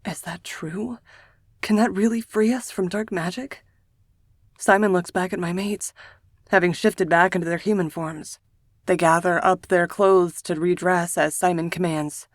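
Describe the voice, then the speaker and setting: A woman reading a first-person romance novel aloud in a hushed, emotional manner, as a scripted audiobook narration. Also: lowish voice, steady tone, measured pace, no room sound, studio quality.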